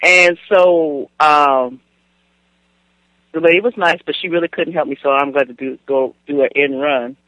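Give me a man with a high voice, co-hosting and bantering in a casual chat. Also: normal speed, pushed and bright, no room sound, low-quality recording. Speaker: co-host.

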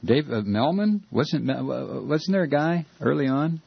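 A man's voice: mid-range voice, expressive, a little slow, vocal fry, lo-fi sound. An American man hosting a political call-in radio show, talking in a heated, sarcastic way with lots of fillers. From United States. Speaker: radio talk show host. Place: Georgia, United States.

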